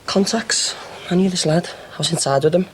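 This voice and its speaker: An actor playing a cocky ex-con. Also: male voice, high-pitched, fairly quick, background noise, natural voice. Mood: scheming. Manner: boastful, lively storytelling. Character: cocky young ex-con man, brash braggart. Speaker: small-time criminal. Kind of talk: TV soap drama acting.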